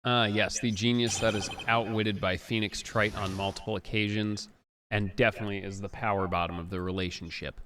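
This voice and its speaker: A man's voice: on the low side, steady tone, fairly quick, noisy background. A man streaming a game, joking around and chatting with viewers in casual let's-play commentary. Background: game music.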